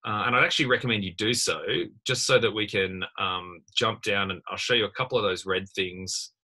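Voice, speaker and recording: A lower-pitched man with a bright, somewhat husky voice talks through a tutorial. He thinks aloud as he goes, with plenty of fillers and restarts. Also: a little fast. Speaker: university lecturer. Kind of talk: screen-recorded tutorial walkthrough.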